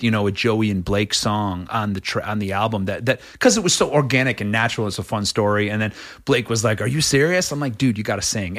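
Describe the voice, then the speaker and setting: Middle-aged male rock singer, interview guest, bright and forceful tone, loose rambling storyteller. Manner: rambling, many restarts, acts out quotes in a much higher voice. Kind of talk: animated casual interview storytelling.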